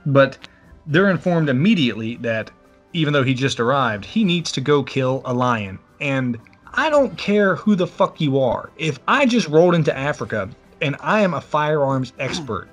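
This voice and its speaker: A man co-hosting a casual movie podcast over beers, sarcastic and profane, joking as he picks the film apart. His voice sits at an ordinary middle pitch. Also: sing-song, moderate pace, faint music behind. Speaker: podcast co-host.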